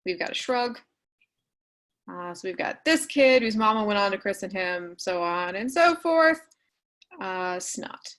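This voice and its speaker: A woman leads an online writing workshop and talks through examples in a relaxed, conversational way. She uses plenty of fillers and quick asides as she goes. The sound comes through like a video call. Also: mid-range voice, rough recording. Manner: casual, filler-heavy explaining with quick asides. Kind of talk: online class walkthrough.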